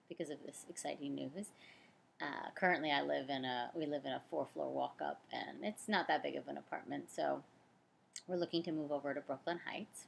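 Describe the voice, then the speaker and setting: A woman's voice: deep voice, vocal fry, slight background noise. A woman in her forties talking candidly and casually in a personal vlog update, tired and chatty. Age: 40s. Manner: candid and chatty, with frequent fillers and self-corrections. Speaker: fertility practitioner. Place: home, on the couch.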